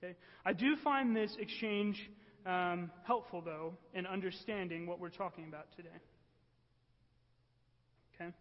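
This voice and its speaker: Guy with a high voice giving an earnest sermon, echoey hall, kinda muffled. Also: a little slow, pauses often. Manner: earnest, often asks the room "right?". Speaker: preacher. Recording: echoey hall, dull lo-fi sound.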